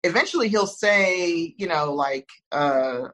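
Woman, relaxed chat guest, lower voice, soft and soothing, reflective delivery. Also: slow, low-quality recording. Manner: thoughtful, calm, frequent restarts and laughs. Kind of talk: casual conversational chat.

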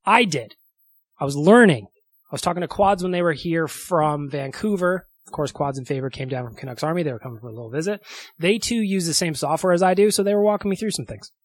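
A man's voice: on the high side, quick pace, no room sound. Chatty upbeat male podcast host. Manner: chatty, upbeat, laughs often. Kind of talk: casual solo podcast talk.

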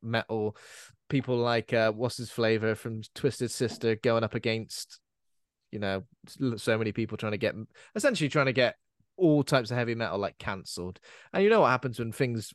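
Casual male podcast co-host, mid-pitched, rambling and chatty, close dry mic. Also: no room sound. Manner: chatty, rambling, quick to laugh. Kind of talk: casual film chat.

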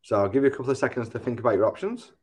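A man co-hosting a casual podcast on an online group call. He explains the rules with jokey, dark exaggerations. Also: medium pitch, sing-song, rapid-fire, slightly rough. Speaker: podcast co-host. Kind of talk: casual chat, explaining a game.

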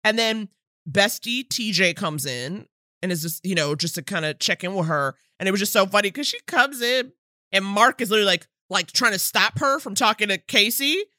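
A woman co-hosting a podcast, chatting casually about a film, animated, laughing often and acting out characters' lines. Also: medium pitch, normal speed, dry recording, studio quality. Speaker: podcast co-host. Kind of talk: casual chat recapping a film.

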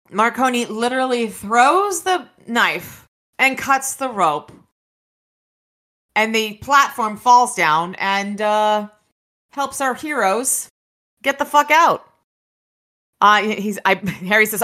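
A woman's voice: on the high side, sing-song, slow, long pauses, bright, forceful tone. A woman hosting a casual book-discussion podcast, talking enthusiastically and with plenty of swearing while she summarizes chapters and reads passages aloud. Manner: enthusiastic and profane. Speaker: podcast host.

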